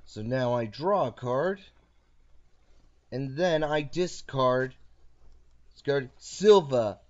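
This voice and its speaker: A man's voice: mid-range voice, lively intonation, takes it slowly, highs cut off. A man hosting a casual card game session, playfully narrating each of his moves. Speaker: host and card game player. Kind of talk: casual chat while playing a card game.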